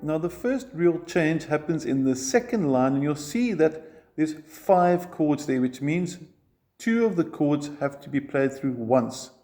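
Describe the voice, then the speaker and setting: Man teaching ukulele over soft strumming. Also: on the high side, lively intonation, measured pace, soft background music. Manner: explains chord shapes step by step, counts strums aloud. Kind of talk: music lesson.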